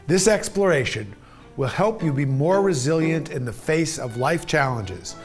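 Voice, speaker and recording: A man with a fairly high voice narrates a lesson at a slow, unhurried pace. He sounds measured and deliberate, and faint music plays behind him. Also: expressive. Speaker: course instructor.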